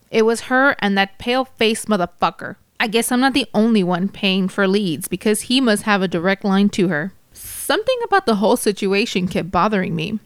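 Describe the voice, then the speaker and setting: A woman's voice: medium pitch, clear, resonant tone, dry recording, clean studio sound, natural voice. A woman voicing a cynical male lawyer narrator. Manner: wry, hard-boiled first-person narration. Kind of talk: audiobook narration.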